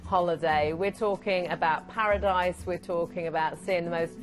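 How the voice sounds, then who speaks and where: Lower-voiced female cruise co-presenter. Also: fairly even intonation, over music. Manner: warmly reacting, brisk pitch. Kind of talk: travel sales chat.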